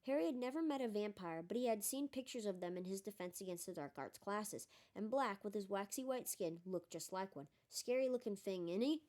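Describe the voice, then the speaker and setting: A woman narrating a storybook in a plain, steady reading voice. She keeps the telling even between the characters' lines. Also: mid-range voice, brisk, few pauses. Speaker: audiobook reader.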